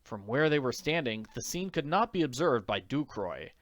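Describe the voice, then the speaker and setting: A man reading an audiobook in an expressive narrating voice. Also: medium pitch, moderate pace, dry recording. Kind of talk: scripted narration.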